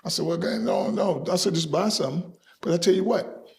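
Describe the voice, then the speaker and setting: Boastful gravelly middle-aged man. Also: high voice, brisk. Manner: boastful, lively, acts out quoted voices. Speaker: interview guest. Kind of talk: animated storytelling in an interview.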